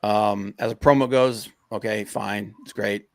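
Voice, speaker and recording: Gravelly rambling podcast host. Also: male voice, fairly low pitch, a little slow, dry recording, studio quality. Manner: rambling, many fillers, gets excited and rants. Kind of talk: casual wrestling podcast chat.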